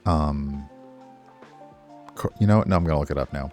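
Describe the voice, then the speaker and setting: A man's voice: rumbling low, moderate pace, a little mellow, soft background music. A man streaming a cosy video game, chatting casually with his viewers and rambling on side topics. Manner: rambling, chatty, talks to chat. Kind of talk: casual gameplay commentary.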